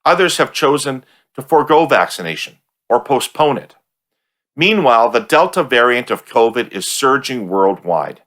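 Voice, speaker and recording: Canadian male host, bright, animated, blunt banter and ad read. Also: medium pitch. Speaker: podcast host and interviewer. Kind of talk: interview hosting and sponsor read.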